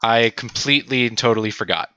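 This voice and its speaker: A young man teaching a programming tutorial on a livestream, animated and self-mocking as he talks to his chat. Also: medium pitch, quick pace, clean tone, no room sound, dull audio. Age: young adult. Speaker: teaching assistant.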